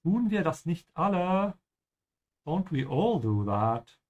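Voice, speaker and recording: A man hosting a live-streamed lesson, explaining German pronunciation slowly and switching between English and German. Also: on the high side, big pitch swings, muffled recording. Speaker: language teacher and stream host.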